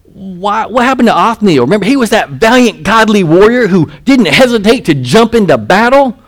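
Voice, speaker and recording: A man's voice: high-pitched, very animated, moderate pace. A male pastor giving an expository sermon, reading scripture aloud and putting rhetorical questions to his listeners.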